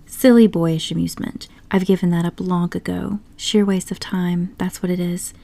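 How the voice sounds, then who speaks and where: A woman voicing a boastful, excitable male toad in an audiobook story, talking grandly and pushily. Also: lowish voice, normal speed, creaky. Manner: grandly enthusiastic, pushy.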